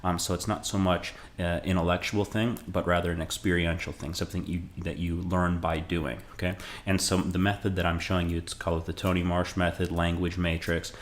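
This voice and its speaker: A man's voice: low-pitched, flat delivery, brisk, hardly any pauses. A man from the United States teaching beginner Spanish in a loose, talky way, often checking in with the listener. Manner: loose and talky, restarts and frequent "okay?". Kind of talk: casual spoken lesson.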